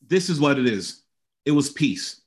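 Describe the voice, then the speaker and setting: A man's voice: mid-range voice, big pitch swings, normal speed. Earnest middle-aged man telling his story. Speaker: guest sharing a personal testimony. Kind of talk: conversational interview.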